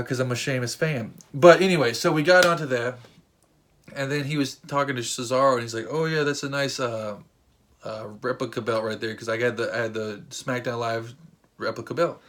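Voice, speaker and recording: A man recounting a story for his vlog, talking in a loose, rambling way full of "uh"s and restarts. He gets excitable as he goes, and his voice sits at an ordinary middle pitch. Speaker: vlogger and wrestling fan.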